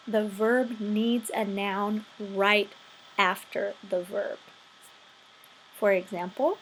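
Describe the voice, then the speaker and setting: A woman's voice: mid-range voice, slight background noise. A woman teaching English vocabulary and grammar in a screen-recorded tutorial, explaining patiently step by step.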